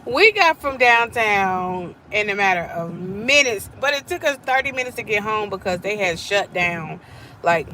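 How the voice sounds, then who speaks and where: A woman's voice: on the low side, slight background noise. A middle-aged woman, chatting with viewers during a live stream and acting out the voices in her story. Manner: animated, acts out quoted voices.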